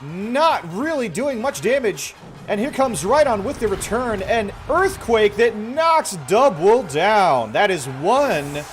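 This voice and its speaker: An excitable male stadium announcer, put on by a man, calls a video game battle blow by blow, stretching his words and raising his voice high and loud. His delivery is booming and theatrical, with faint music playing behind him. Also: heavily acted. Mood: hyped. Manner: booming, drawn-out sports announcing. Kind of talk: play-by-play commentary.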